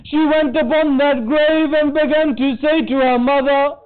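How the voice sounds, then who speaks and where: A man's voice: extremely high pitch, fairly even intonation, a little slow. A man giving a mourning sermon, narrating a tragic story and rising into a wailing, tearful chant. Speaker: majlis speaker. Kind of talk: mourning sermon with lamenting recitation. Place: community centre hall. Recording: tinny phone-like sound.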